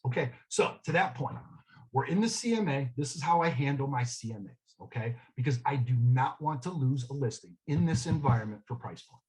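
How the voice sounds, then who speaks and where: A man's voice: medium pitch, animated, fairly quick, a little mellow, low-quality recording. Chatty man with frequent "okay?" asides. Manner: conversational storytelling, frequent "okay?" check-ins. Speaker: real estate trainer. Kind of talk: sales training talk.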